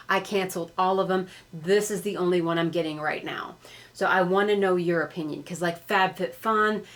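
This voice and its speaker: A woman beauty vlogger chatting casually and frankly while reviewing an unboxing, candid and blunt about value for money. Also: fairly low pitch.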